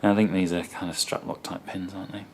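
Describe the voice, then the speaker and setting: A man chats casually to the camera, his voice sitting a little low. He rambles and hesitates with plenty of ums, speaking in a relaxed, unscripted way. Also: fast talker, slight background noise. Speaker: guitar demo presenter.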